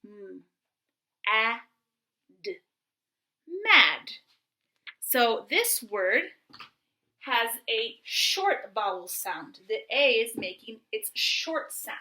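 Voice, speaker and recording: A woman teaching a remote phonics and reading lesson, speaking slowly and patiently and spelling out sounds for young children. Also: a little high, very animated, sharp tone, poor audio.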